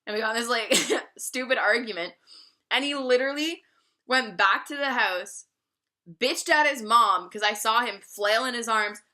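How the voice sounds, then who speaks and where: A woman in her twenties telling a casual storytime vlog, swearing often and laughing as she goes. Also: a little high. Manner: profane, animated storytelling with frequent laughs. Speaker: vlogger.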